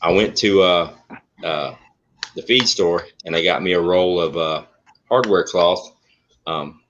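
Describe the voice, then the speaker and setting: A man telling a story in a blunt, profane, animated way in casual talk. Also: sits low, unhurried, slight background noise. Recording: muffled lo-fi audio.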